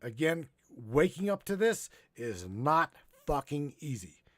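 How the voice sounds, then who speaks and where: A man hosting a live stream, rambling and swearing, halting and choked up as he talks. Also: on the high side, very animated, no echo. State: choking up. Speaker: podcast host. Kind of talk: emotional live-stream monologue.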